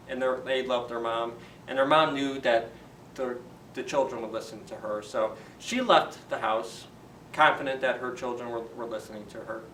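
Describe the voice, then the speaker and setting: A man retelling a fairy tale for children's story time in a chatty, animated way, asking the kids questions. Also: mid-range voice, a little hiss or hum. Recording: roomy echo, distant from the mic.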